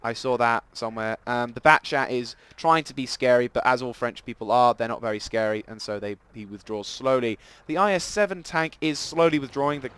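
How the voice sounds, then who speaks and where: A man giving rambling, self-deprecating live commentary over a tank game, with sudden excited outbursts. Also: mid-range voice, brisk, hardly any pauses, smooth, dry recording. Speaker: gameplay commentator. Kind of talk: casual live gameplay commentary.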